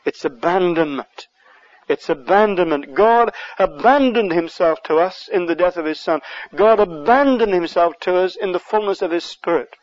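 English male preacher, high-pitched, passionate surges, muffled sermon tape. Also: moderate pace. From England. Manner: impassioned, surges louder on key words.

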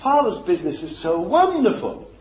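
A man's voice: high voice, very animated, moderate pace, slight background noise. A man preaching a sermon in a fervent, emphatic way, repeating his phrases for stress. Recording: echoey, dull lo-fi recording.

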